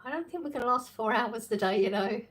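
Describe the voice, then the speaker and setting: A woman chats casually on her live stream, reading out viewer messages and reacting with frequent laughs. Her voice sits a little higher than most women's. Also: animated, fast talker, a bit bright. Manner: chatty, reads chat aloud, laughs often. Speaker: livestream host reading chat.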